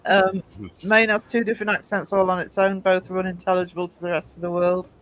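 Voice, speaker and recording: A man's voice: sits high, little pitch movement, fairly quick, fairly bright tone, low-quality recording. A man with a mixed Scottish and American accent, hosting a casual stream chat and reading out viewer comments. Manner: chatty, reads out viewer comments. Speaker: host reading chat messages.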